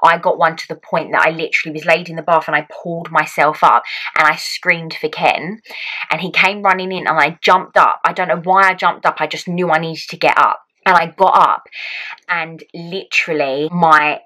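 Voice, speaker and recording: A young woman with a fairly low voice talks straight to her viewers. She tells a personal story in an animated, chatty way, dropping "like" into nearly every sentence. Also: normal speed, poor audio. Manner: animated, heavy use of "like" as filler. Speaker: vlogger.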